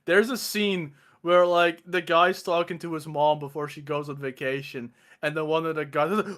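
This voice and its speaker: A man's voice: a little high, fairly even intonation, moderate pace, few pauses, fairly bright tone. A young Dutch man hosting a casual stream chat, laughing as he rambles through comedy scenes. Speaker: streamer host.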